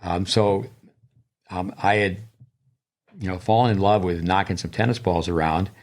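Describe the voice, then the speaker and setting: A man's voice: low-pitched, steady tone, normal speed. An older man, a tennis coach and podcast co-host, telling long digressive stories in casual chat, with many restarts.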